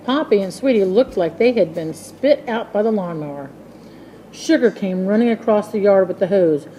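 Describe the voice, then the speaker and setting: A woman reading a children's book aloud in a slow, expressive storytelling manner. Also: medium pitch, slight background noise.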